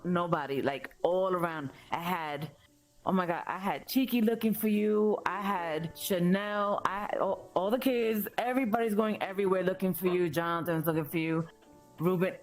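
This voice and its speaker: Blunt, animated New mom. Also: female voice, low-pitched. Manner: blunt, animated storytelling with swearing and laughs. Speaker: mother of the streamer, guest. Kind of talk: casual storytelling chat.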